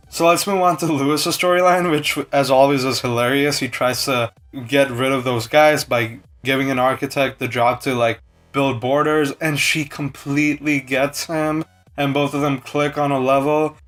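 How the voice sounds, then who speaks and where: A young man casually reviewing a TV episode with strong opinions, breaking into quick impressions of the characters. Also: medium pitch. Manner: chatty, opinionated, animated impressions. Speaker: TV show reviewer.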